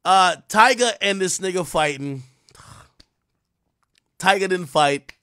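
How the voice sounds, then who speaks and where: A man's voice: a little high, fairly bright tone. A man hosting a live stream, giving casual, rambling commentary full of profanity and trash talk. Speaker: livestream host.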